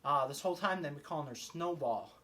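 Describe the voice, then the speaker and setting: A man talks through a film in a casual vlog review, his voice sitting a little high. He rambles excitedly, stumbling through fillers and restarts as he goes. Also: fast. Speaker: movie reviewer. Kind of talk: casual spoken movie review.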